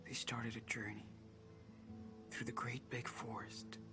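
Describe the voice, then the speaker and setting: An actor voicing a storyteller whispering a children's fable in a hushed, gentle game narration, a whispered role-play. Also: medium pitch, little pitch movement, a little slow, natural voice. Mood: hushed storytelling. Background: loud game music.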